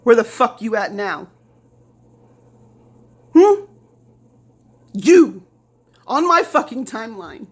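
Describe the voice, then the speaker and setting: A woman's voice: on the high side, sing-song, slow pace, pauses often, darkish tone, slightly rough. A middle-aged woman from Indiana delivering a heated, profane rant straight to the camera, repeating lines and mocking others in quoted voices. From Lafayette, Indiana. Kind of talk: angry direct-to-camera rant.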